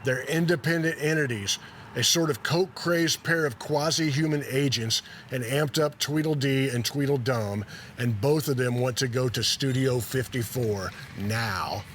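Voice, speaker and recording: A laid-back man of middle pitch relaxes into a story, reading passages from a memoir in a casual, self-deprecating way. There is a faint hum of the room behind him. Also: moderate pace, a bit bright. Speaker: host telling a story.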